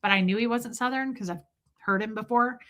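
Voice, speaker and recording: A woman's voice: on the high side, a little fast, fairly bright tone. A woman hosting a livestream, chatting casually and profanely as she tells jokey stories and reacts to chat. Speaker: livestream host reading chat.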